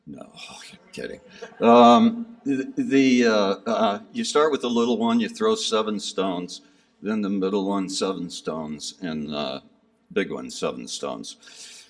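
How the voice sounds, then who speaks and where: A man's voice: low-pitched, slow. A man casually recounting a pilgrimage to a gathering, rambling and self-deprecating with many fillers. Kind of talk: casual storytelling talk. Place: gathering hall. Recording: speaker somewhat far from the mic.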